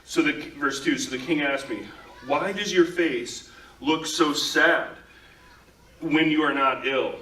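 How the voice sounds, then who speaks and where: A male pastor delivering a relaxed, conversational sermon, peppering his talk with "like." His voice is bright and forceful, and it rings through a roomy church space, picked up from a little away from the mic. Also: on the high side, takes it slowly, far from the mic. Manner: casual, talks with frequent "like" fillers. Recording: echoey room, speaker away from mic.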